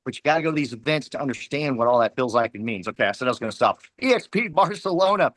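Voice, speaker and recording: A man's voice: medium pitch, lively intonation, very fast, a bit bright, dry recording. A man giving a fiery, preachy motivational pep talk to his team, hammering points with repetition. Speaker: team leader speaking at a company huddle.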